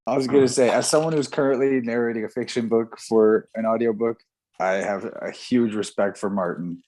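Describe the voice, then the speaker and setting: A man co-hosting a podcast in easy, casual chat. He sounds encouraging and laughs easily. His voice sits at an ordinary middle pitch. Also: steady tone, a little fast, darkish tone. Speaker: podcast co-host.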